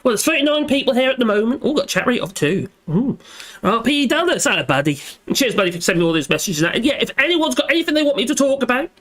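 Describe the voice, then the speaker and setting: A man's voice: very high voice, very animated, rapid-fire, fairly bright tone. A man hosting a casual live stream, chatting in a rambling way and tagging his lines with little repeated phrases.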